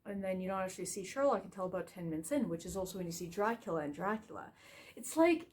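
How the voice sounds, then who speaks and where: A woman's voice: mid-range voice, fast talker, husky. Frustrated woman ranting in a casual review. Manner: animated, frustrated, scattered with fillers. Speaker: video reviewer.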